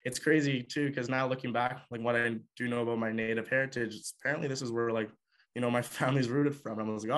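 A young man from Canada tells a personal story from his hockey years. He talks loosely and conversationally, with plenty of filler words. His voice sits at an ordinary middle pitch for a man. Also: steady tone, fast, a bit bright. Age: young adult. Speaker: former hockey player.

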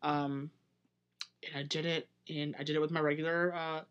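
Young man, somewhat high voice, casual podcast chat, animated, playful, drag performer. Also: normal speed, dull audio. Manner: animated, breaks into silly put-on voices.

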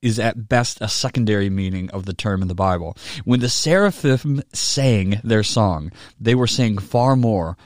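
A man preaches a Bible study in a low, grounded voice, talking to his congregation in a loose conversational way. The sound is dry and close with no room echo. When he reads aloud, he lifts his voice for emphasis. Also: normal speed, hardly any pauses. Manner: conversational, with tag questions and gentle humor; rises in pitch and volume when reading a quoted book aloud. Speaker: pastor teaching a Bible study. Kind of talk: sermon.

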